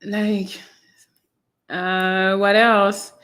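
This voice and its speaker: Drawing out her words, a woman from France chats on a casual live stream in a French accent. Her voice is mid-range, fairly bright, and fairly flat in pitch, and she reads viewers' comments in a wandering way, trailing off with fillers.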